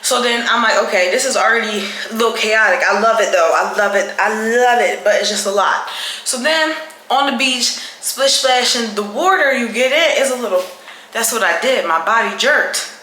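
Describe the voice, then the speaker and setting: A woman travel vlogger with a bright, somewhat high voice speaks at normal speed, casually recounting her day to camera indoors at night during her night routine. She's animated and chatty, retelling things dramatically, while the echoey room carries a faint hum.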